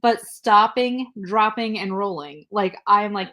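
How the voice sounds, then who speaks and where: She's a podcast co-host with a mid-range voice who takes her time. Her storytelling is relaxed and animated, full of laughter and acted-out dialogue.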